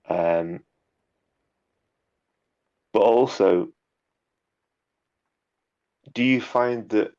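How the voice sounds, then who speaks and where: A man's voice: fairly low pitch, vocal fry, a little mellow, muffled recording. A man chatting casually in an interview, rambling a little with repeated words and fillers. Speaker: guest, YouTube narrator.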